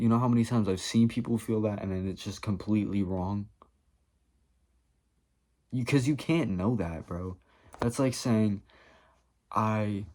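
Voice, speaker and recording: A man's voice: lowish voice, dark tone. A man vlogging in a rambling comedic monologue, profane and jumping from topic to topic.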